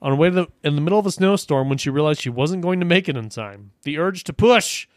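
Brief: male podcast co-host, slightly higher voice, crude joking banter, dry close mic. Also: lively intonation, quick pace, no echo. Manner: crude, joking, reads news aloud mockingly. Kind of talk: casual comedic chat.

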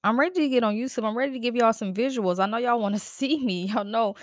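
A woman's voice: on the high side, fast, no room sound, studio quality. A woman hosting a casual solo podcast, talking in a chatty, slangy way, laughing often and swearing freely. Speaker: podcast host.

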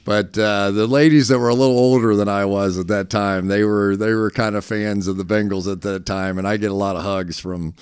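Low smooth-voiced guy telling a funny story on himself, dry close mic. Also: brisk, few pauses, no echo. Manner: animated self-deprecating storyteller. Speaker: guest, football analyst. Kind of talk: casual storytelling interview.

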